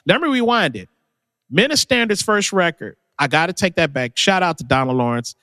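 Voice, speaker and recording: Animated high-voiced man telling stories. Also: a little fast, dry recording, clean studio sound, in a large hall. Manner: animated, leaps high when quoting people. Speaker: music producer, guest. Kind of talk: casual storytelling chat.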